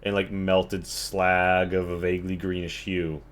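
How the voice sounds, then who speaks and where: A man's voice: sits low, completely flat delivery, measured pace. A man narrating a tabletop role-playing game as game master, in loose narration full of fillers.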